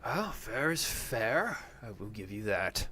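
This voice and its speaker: A smug, self-assured arm-wrestler from a tabletop game, as a game master puts him on. He speaks low and quiet. A fairly deep man's voice. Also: sing-song, slow pace, a little hiss or hum, exaggerated voice.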